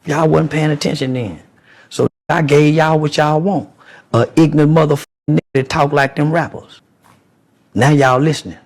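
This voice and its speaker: A podcast guest with a gravelly, somewhat high voice who lectures in a blunt, profane way. He talks like he is preaching at his listeners. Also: fairly even intonation, normal speed. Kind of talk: blunt social commentary.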